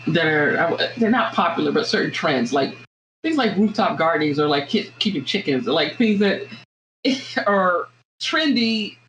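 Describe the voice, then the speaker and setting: A woman with a Southern American accent chats as a podcast guest, thoughtful and halting, often circling back to restart her sentences. Her voice sits in a fairly low register for a woman, with a faint hum of background noise behind her. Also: lively intonation, a bit bright, low-quality recording. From Southern United States. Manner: reflective, halting, with frequent restarts. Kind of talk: casual podcast conversation.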